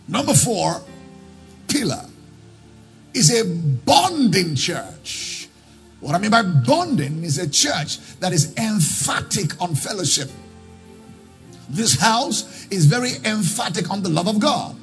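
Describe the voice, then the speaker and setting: A man preaching a sermon as pastor, swinging into sung, chanting lines and shouted calls to the congregation. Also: high voice, big pitch swings, slow, soft background music.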